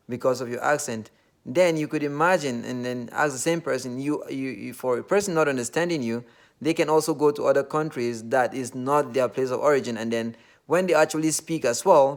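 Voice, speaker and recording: Nigerian accent, man, gravelly voice, casual reflective monologue, earnest, loose phrasing. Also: medium pitch.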